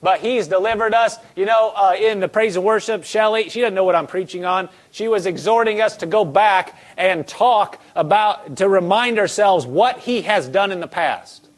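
A man's voice: high-pitched, normal speed, few pauses. A male pastor preaching a sermon in an emphatic way, repeating lines and having the congregation say them back.

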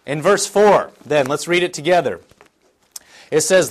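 A man's voice: a little high, expressive, measured pace, long pauses. A middle-aged man preaching a sermon in a church, reading scripture aloud and explaining it in a conversational, earnest way with frequent restarts. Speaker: pastor.

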